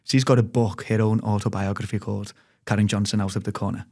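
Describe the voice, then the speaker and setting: A man's voice: lowish voice, little pitch movement, warm tone. A man, an interview guest speaking openly and earnestly about his life. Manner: open, earnest, rapid storytelling. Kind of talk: candid personal interview.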